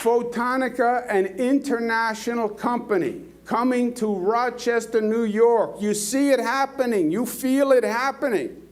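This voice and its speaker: A politician giving a public speech, telling folksy stories and rousing the crowd with repeated lines. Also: male voice, extremely high pitch, unhurried, few pauses, a little hiss or hum. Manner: folksy storytelling, rousing and repetitive.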